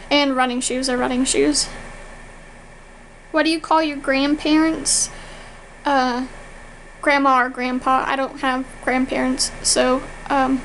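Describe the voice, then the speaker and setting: A woman's voice: high voice, slight background noise, poor audio. A young American woman from Virginia, chatting casually through an accent challenge video, rambling a little and correcting herself as she goes. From Virginia, USA. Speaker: vlogger.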